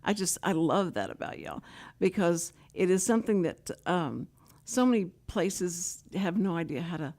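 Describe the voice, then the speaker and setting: A woman's voice: lowish voice, animated, normal speed, darkish tone. An older woman hosting a local radio talk show, telling stories in a chatty way and acting out quoted dialogue. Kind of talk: casual chat with guests.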